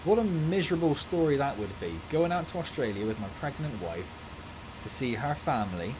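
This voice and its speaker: A man's voice: medium pitch, noisy background. A man streaming a farming game and chatting casually and jokily, laughing easily. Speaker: gaming streamer. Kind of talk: casual livestream gameplay chat.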